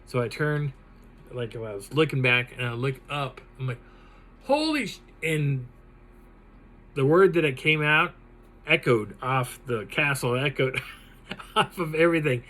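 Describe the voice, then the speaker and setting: A man recounts a personal encounter for his channel. He tells it dramatically and with animation, and his voice sits at a plain middle pitch. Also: a little slow, pauses often, rough recording. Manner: animated, dramatic retelling with laughs. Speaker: channel host. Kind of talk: telling a personal encounter story.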